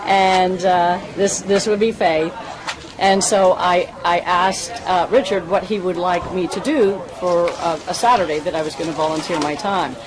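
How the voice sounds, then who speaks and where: A woman volunteer giving a heartfelt, halting speech at a public event. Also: fairly low pitch, steady tone, poor audio. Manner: earnest, halting, emotional. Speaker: volunteer fundraiser. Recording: crowd noise behind.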